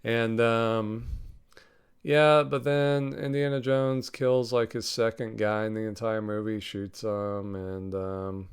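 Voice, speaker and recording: A man's voice: on the low side, takes it slowly, clear, resonant tone. A man hosting a podcast, reviewing a film in a casual, rambling, profane way with frequent laughs. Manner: profane, laughing, animated retelling.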